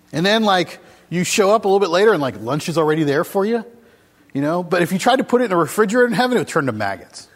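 A man preaching a casual, conversational sermon to a congregation, asking them questions as he goes. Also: fairly high pitch. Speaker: pastor. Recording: long hall reverb.

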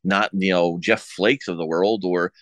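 A man co-hosting a political talk show, arguing his case haltingly with many fillers and repeated words. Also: sits low, fairly even intonation, a bit bright, no room sound. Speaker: show co-host.

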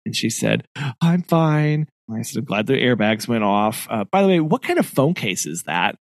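During casual chat, a podcast co-host recounts a story in a medium-pitched voice at a moderate pace, laughing often and voicing the people he quotes with animation. It's a dry, studio-quality recording.

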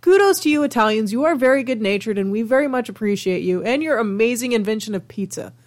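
A woman co-hosting a casual podcast, chatty and quick to laugh. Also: on the high side, lively intonation. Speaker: podcast co-host. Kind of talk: casual chat.

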